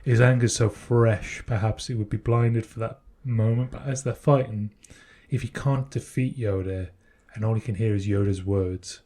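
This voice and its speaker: Low husky-voiced man. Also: fairly even intonation, normal speed, few pauses, mellow. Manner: speculative, reasons things through step by step. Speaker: podcast co-host. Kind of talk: casual chat.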